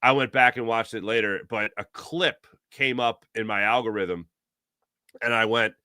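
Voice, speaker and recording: Bright-voiced man rambling sports talk. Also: medium pitch, normal speed, smooth, no room sound, studio quality. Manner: rambling, animated, plays out imagined quotes. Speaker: sports talk show host. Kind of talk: casual sports talk commentary.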